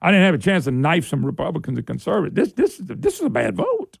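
A man's voice: high-pitched, huge pitch swings, fast, gravelly, hardly any pauses, breathy edge, no echo. A man hosting a call-in radio talk show, telling stories in a folksy way. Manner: folksy storyteller, acts out quoted voices.

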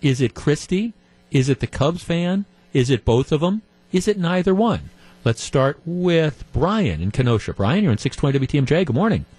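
A man's voice: fairly high pitch, sing-song, normal speed, darkish tone, husky, dry recording. A man hosting a call-in radio talk show, retelling a story in a conversational way. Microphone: studio microphone.

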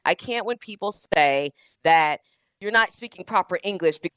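A woman radio host talks with a fairly low voice and plenty of slangy emphasis. She keeps throwing rhetorical questions at her listeners. The studio sound is close and dry. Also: expressive, moderate pace, fairly bright tone, smooth, dry recording. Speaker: radio talk show host. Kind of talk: opinionated call-in radio talk. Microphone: studio microphone.

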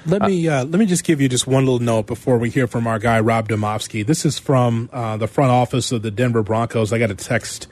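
A man's voice: medium pitch, a little fast, hardly any pauses, darkish tone. A man hosts a sports talk radio show in a mid-range voice. He talks in a reflective, conversational way, thinking aloud as he goes. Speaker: radio host.

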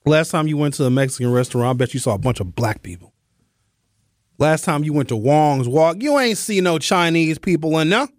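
Animated, slangy male radio host. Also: a little high, fairly quick, no room sound, clean studio sound. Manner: animated and slangy, emphatic asides to listeners. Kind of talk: comic storytelling monologue.

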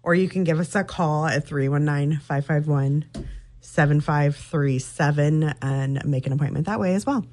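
A woman's voice: sits low, normal speed, a little mellow, slight background noise. A woman guest from an animal shelter, explaining adoption steps on a radio show in a friendly, matter-of-fact way.

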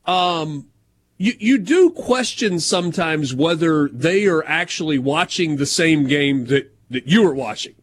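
A Southern American man hosts sports talk radio in a loose, teasing way, wandering off on digressions. His voice sits a little high and moves a lot as he talks. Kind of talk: casual sports radio banter.

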